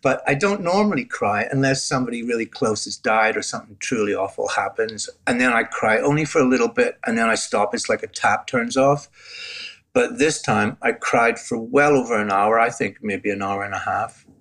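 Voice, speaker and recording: An older man with a Northern Irish accent tells his story as an interview guest. His voice sits at a middling pitch, and he talks earnestly and reflectively, often circling back and restarting his sentences. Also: steady tone, normal speed, a bit bright. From Northern Ireland. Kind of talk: personal testimony in conversation.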